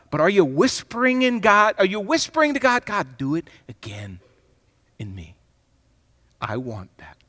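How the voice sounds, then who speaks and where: A man preaching a sermon as pastor, swinging from loud, emphatic bursts down to hushed, reflective passages. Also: a little high. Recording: long hall reverb.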